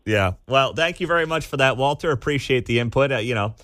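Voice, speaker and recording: Man, radio host, sarcastic, lively swinging pitch, bright tone, dry studio sound. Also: quick pace, no echo. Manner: sarcastic, incredulous. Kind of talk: opinionated talk radio commentary. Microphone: studio microphone.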